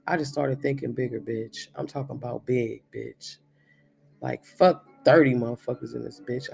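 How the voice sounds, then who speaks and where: A man's voice: medium pitch, vocal fry, a little mellow. Blunt, profane man in his thirties. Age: 30s. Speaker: spiritual reader and medium. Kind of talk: profane spiritual monologue.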